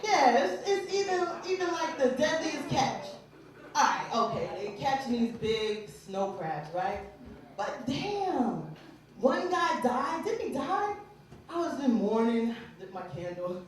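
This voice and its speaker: A woman doing a stand-up comedy set on a small club stage, loud and animated, swearing and acting out characters. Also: high voice, takes it slowly. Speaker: mother of three grown children. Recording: echoey club, distant mic, crowd. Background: audience laughter.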